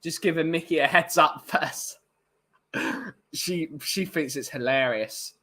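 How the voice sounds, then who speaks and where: A man rambles casually through a live stream, full of ums and uhs. His voice sits fairly high for a man and sounds bright and forward. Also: takes it slowly. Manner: rambling, chatty, many fillers.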